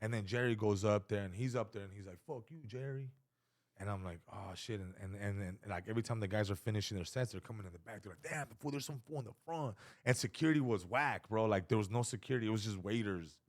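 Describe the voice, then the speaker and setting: The comedian's lowish voice races along with hardly any pauses as he swaps stories on a casual podcast. Animated throughout, he acts out every quote and curses liberally.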